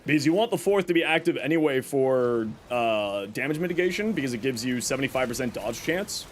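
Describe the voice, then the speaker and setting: A man's voice: mid-range voice, a little hiss or hum. A man streaming a video game, chatting casually and explaining tips to his viewers. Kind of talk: casual gameplay commentary.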